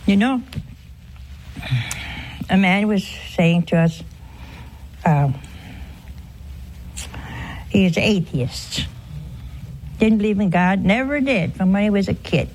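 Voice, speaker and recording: A woman in an informal religious broadcast, telling a story earnestly and with emphasis, sometimes dropping to a hushed voice. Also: medium pitch, takes it slowly, long pauses, a little hiss or hum. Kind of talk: informal spiritual talk with a story.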